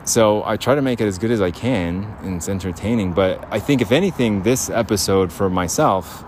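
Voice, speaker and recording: Fairly low in pitch and darkish in tone, this man talks fairly quickly as he rambles through an audio diary. He's a podcast host walking in a city park, laughing a lot, and faint outdoor street noise is present.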